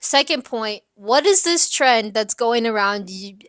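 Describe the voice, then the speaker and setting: A young woman hosting an advice show, chatting candidly with lots of fillers and lively asides. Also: fairly high pitch, a little slow, dry recording, clean studio sound. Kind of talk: casual advice chat.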